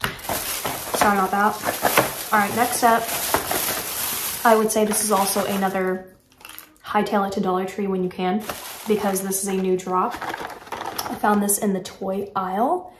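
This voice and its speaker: A woman's voice: mid-range voice, flat delivery, measured pace, long pauses, echoey room, background noise. A woman chatting casually and enthusiastically while showing off a shopping haul, with lots of filler words. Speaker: haul vlogger. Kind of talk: casual product haul chat.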